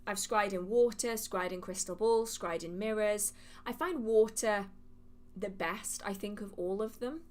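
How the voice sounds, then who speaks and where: A woman hosting a live witchcraft Q&A, chatty and animated, laughing often as she reads questions from the chat. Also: medium pitch, a little slow. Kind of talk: casual livestream Q&A, reading chat questions aloud.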